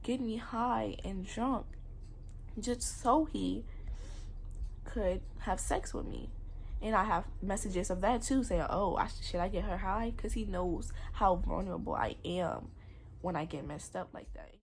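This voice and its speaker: A woman's voice: mid-range voice, a little slow, vocal fry, slight background noise. A young woman candidly telling a painful personal story in a confessional vlog, emotional and rambling.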